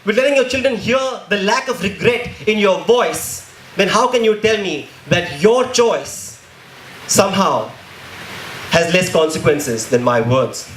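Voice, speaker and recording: Intense high-voiced man performing spoken word. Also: expressive, unhurried, slight background noise. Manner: intense, rhythmic, rhyming delivery with emphatic stresses. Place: live poetry event. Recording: echoey room with faint ambience.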